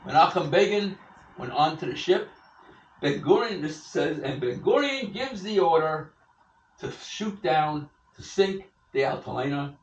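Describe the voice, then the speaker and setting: An older man tells a story to an audience, animated and acting out the people he quotes. His voice sits fairly high and comes from well off the mic in an echoey hall. The sound is a bit dull, with faint room ambience behind it. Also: measured pace, recorded from a distance. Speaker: event speaker. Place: event hall.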